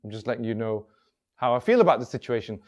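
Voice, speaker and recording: A man's voice: mid-range voice, lively intonation, fast talker, lightly acted. A man voicing a polite young male office worker who stumbles and restarts as he speaks. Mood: pleading.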